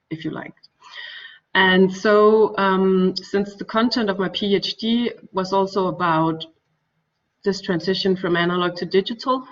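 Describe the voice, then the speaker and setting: A woman with a Danish accent, a native Danish speaker, giving an academic architecture talk with many fillers and restarts. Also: medium pitch. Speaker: architecture lecturer. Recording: distant dull lo-fi recording.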